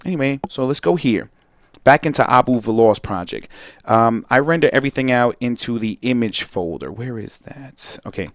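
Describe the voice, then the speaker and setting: A young man from Brooklyn, hosting a casual software tutorial, rambling and digressing, often restarting sentences and talking straight to viewers. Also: mid-range voice, expressive, normal speed, dry recording, studio quality. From Brooklyn, New York. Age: young adult. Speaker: host and video editing tutor.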